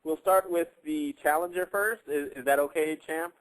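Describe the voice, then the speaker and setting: A man's voice: fairly high pitch, moderate pace, poor audio. A man hosting a radio quiz, hesitant and self-amused as he reads out questions and gives points. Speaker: quiz moderator and host. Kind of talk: casual radio chat.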